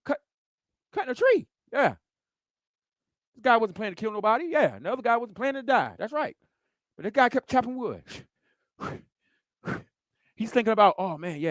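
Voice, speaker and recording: A pastor, preaching a sermon in an animated way and acting out the scenes he describes. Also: very high voice, dry recording, studio quality. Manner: animated, acts out scenes and sounds.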